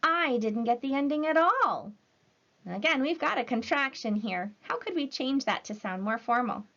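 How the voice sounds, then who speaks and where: A woman teacher giving a recorded language lesson to children, speaking slowly and clearly in an encouraging way. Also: sits high, animated, a bit bright. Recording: slightly dull lo-fi audio.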